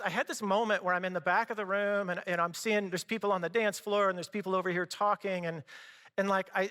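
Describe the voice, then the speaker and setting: A middle-aged pastor with a high-pitched, sharp voice preaches a conversational sermon full of personal stories. He's in a church sanctuary, and the recording carries a long hall reverb.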